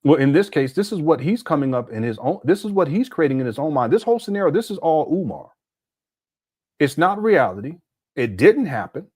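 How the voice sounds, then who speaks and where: A man's voice: on the high side, very animated, fairly quick, a little mellow, breathy edge, no echo, clean studio sound. A middle-aged man from Southern California commenting on a video clip in a casual, incredulous, mocking way. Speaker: commentary channel host.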